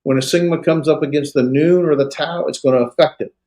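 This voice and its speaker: Relaxed man tutoring Greek. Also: on the high side, brisk. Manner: relaxed, coaching, filler-heavy. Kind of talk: one-on-one tutoring.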